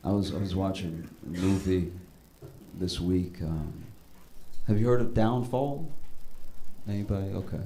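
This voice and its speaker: A male stand-up comedian telling stories on a comedy club stage, his voice jumping high and loud at the punchlines. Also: measured pace, long pauses, a little hiss or hum. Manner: animated storytelling, voice jumps high for punchlines.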